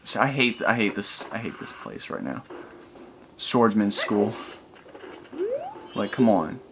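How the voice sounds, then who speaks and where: A man's voice: medium pitch, noisy background. A man giving gameplay commentary, ranting in frustration and swearing often. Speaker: let's play host. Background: video game music.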